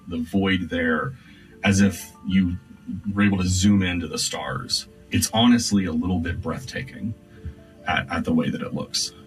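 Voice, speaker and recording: A man narrating scenes as game master of a tabletop game, describing them slowly with many fillers. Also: sits low. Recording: distant mic with faint music.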